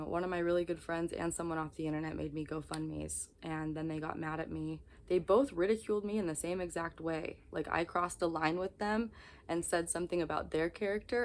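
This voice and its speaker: Low-voiced weary young woman venting. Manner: candid, rambling, emotionally raw. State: exhausted. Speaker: vlogger. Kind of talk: confessional vlog talk to camera.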